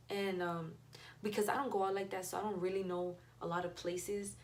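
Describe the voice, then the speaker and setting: A woman's voice: medium pitch, level tone, brisk. A young woman retelling a story in a casual, blunt and profane way, acting out the dialogue. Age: young adult. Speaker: vlogger.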